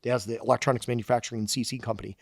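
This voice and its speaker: A man's voice: medium pitch, fairly even intonation, rapid-fire, creaky, dry recording, clean studio sound. A man talking as a podcast guest, a loose storyteller who swears casually. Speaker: guest engineer and shop founder.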